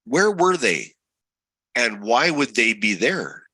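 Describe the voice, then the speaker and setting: A man leads a scripture study at a slow, deliberate pace. His voice is very bright and sharp, and the recording is dry and close. He keeps putting rhetorical questions to his listeners. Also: medium pitch, sing-song, slightly rough, no echo, low-quality recording. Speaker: Bible study teacher.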